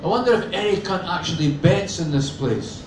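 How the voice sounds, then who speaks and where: A man's voice: high voice, animated, normal speed, background noise. A man reading his novel aloud in a dry, sardonic first-person voice. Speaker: author reading. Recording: roomy sound from a distant mic with faint ambience.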